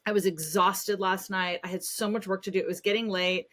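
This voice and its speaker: A middle-aged woman, a parenting expert guest on a podcast, telling stories in an animated, self-deprecating way. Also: medium pitch, brisk. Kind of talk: casual podcast conversation.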